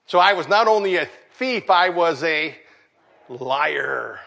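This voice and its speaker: A middle-aged man preaching a sermon, animated and acting out the voices of the people in his story. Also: sits high, measured pace, gravelly. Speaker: pastor.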